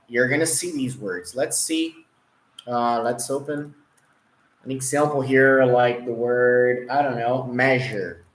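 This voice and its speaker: Slow Brazilian teacher in a roomy room. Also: male voice, mid-range voice. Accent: Brazilian Portuguese. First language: Portuguese. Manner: slow, explanatory, checks in with viewers, demonstrates sounds. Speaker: English pronunciation teacher. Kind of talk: online pronunciation lesson.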